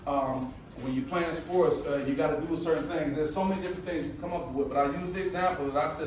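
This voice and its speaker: A man giving an energetic, casual motivational presentation, calling out to the crowd in a preacher-like way. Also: fairly high pitch, fast, hardly any pauses, far from the mic, slight background noise. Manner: energetic, preacher-like call and response; casual, colloquial phrasing. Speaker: motivational speaker. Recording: very echoey room, picked up from afar.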